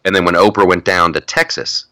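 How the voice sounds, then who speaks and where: Casting: middle-aged male podcast host, low and bright, dry close sound, rambling and restarting. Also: steady tone, fairly quick, no room sound. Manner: rambling, laughs a lot, many restarts. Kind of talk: casual chat.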